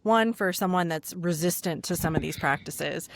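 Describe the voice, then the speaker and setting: Woman podcast host, kinda low voice, dry close sound, rambling questions. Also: normal speed, no room sound. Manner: rambling questions with many fillers. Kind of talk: casual interview chat.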